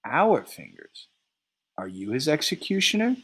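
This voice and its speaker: A man reading a play aloud, voicing a calm and quietly firm male juror. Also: on the low side, heavily acted. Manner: calm, measured.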